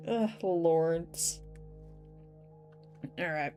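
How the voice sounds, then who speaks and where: Soft background music plays as a woman streamer chats casually over a video game livestream, swearing freely and reading chat aloud. She speaks at a measured pace with lively intonation and frequent pauses, in a medium-pitched voice she wishes were deeper.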